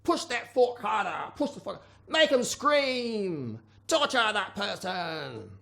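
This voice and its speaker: A storyteller voicing the devil's boss, who barks orders at his minions in a raised, drawn-out voice. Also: mid-range voice, big pitch swings, creaky, voice pushed up, exaggerated voice. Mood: barking. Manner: shouted commands, drawn out.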